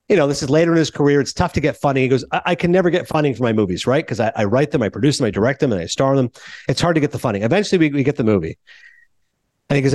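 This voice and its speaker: A man's voice: mid-range voice, no room sound. A man hosting a podcast, casually retelling film anecdotes with quoted voices and laughter. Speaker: podcast host. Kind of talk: casual storytelling chat.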